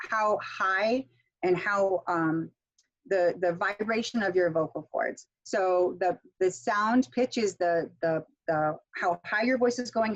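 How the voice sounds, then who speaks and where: A middle-aged woman teaching a pronunciation workshop online, chatty and explaining with fillers and restarts. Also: medium pitch. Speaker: pronunciation instructor. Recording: muffled lo-fi video call audio.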